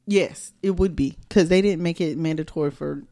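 A woman's voice: low voice, normal speed, mellow. A young woman co-hosting a podcast, chatting casually with a playful, teasing manner. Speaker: podcast co-host. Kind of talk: casual chat.

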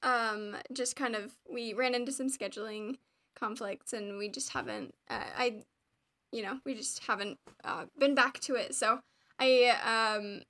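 A woman's voice: fairly high pitch, steady tone, unhurried, bright, forceful tone. A woman cast member of a podcast chatting casually, rambling as she tells a story. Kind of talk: casual chat.

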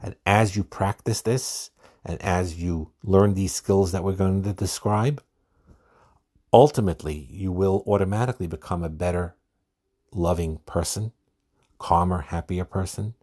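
Deep-voiced man giving earnest marriage advice. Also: measured pace, a little mellow. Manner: earnest, repeats words when starting a thought. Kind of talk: solo podcast talk.

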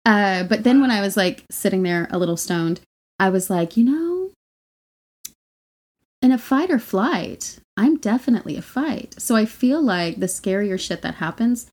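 A woman's voice: mid-range voice, expressive, moderate pace, a little mellow. A woman co-hosting a podcast, telling stories in casual chat, blunt and profane with frequent laughs. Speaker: podcast co-host.

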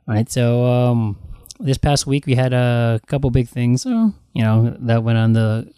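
Casting: male podcast co-host, animated and profane, dry close mic. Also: mid-range voice, unhurried, smooth, no room sound. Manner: animated, swearing, jokey rants. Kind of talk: casual chat.

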